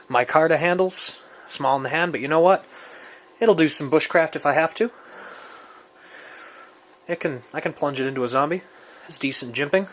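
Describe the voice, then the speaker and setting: A man's voice: on the high side, fairly bright tone. Rambling, joking guy reviewing gear. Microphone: camera mic, speaker off-frame.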